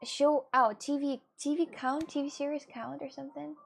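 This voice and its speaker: A woman's voice: high-pitched, steady tone, normal speed, vocal fry. A woman with a chatting casually to her viewers, rambling and restarting with many fillers. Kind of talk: casual chat.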